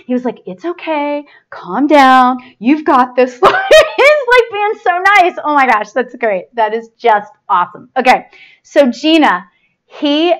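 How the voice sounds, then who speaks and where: A high-voiced woman hosts a live stream as a psychic medium. She talks in a chatty, flustered way, often apologizing and laughing. She speaks straight to her viewers as she gives readings. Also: a bit bright.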